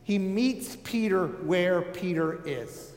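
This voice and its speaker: A man's voice: sits high, animated, takes it slowly, darkish tone. A man giving a casual, conversational sermon, with joking asides and many filler words. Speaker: preacher. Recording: echoey hall with long reverb.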